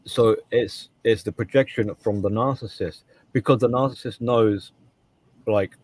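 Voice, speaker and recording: A man's voice: on the low side, steady tone, unhurried, a little mellow, no echo. A man co-hosting a casual podcast discussion, talking emphatically and often restarting and repeating his words. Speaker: co-host.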